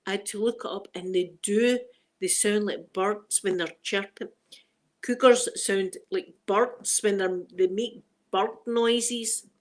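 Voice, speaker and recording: A woman's voice: mid-range voice, steady tone, takes it slowly. Scottish woman, live-stream host, rambling chatty delivery, laughs easily. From Scotland. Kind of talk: casual chat with live viewers.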